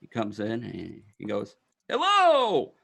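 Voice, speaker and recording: A man narrating as dungeon master of a tabletop game, in a loose, halting way with many fillers. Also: on the low side, fairly even intonation, a bit bright.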